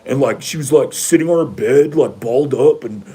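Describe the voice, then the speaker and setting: A man's voice: mid-range voice, normal speed, mellow, breathy edge, voice pushed up, close to an everyday voice. A man doing an impression of a privileged young male college athlete who rambles and pads every phrase with "like". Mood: whiny.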